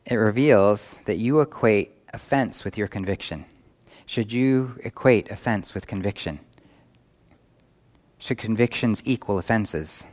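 A man with a lowish, slightly mellow voice preaches unhurriedly from the pulpit of a New York church. As pastor, he asks the audience a series of questions.

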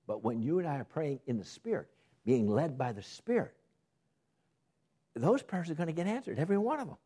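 A man's voice: a little high, big pitch swings, brisk, pauses often, mellow, slightly rough. A man preaching a sermon, asking the congregation questions and often repeating and restarting his phrases.

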